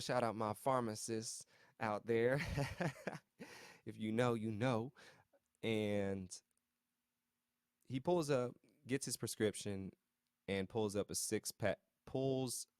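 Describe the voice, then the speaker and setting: A man's fairly low voice walks through a TV episode in a loose, chatty recap, full of slang and side remarks to his viewers. He chuckles here and there as he reacts. The sound is dry and close, with no room echo. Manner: chuckles now and then while talking. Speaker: TV recap host.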